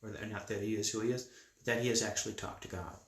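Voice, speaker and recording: A man telling a Bible story to children in a lively, conversational way. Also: fairly low pitch, quick pace. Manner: lively, conversational, with acted voices. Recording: echoey room.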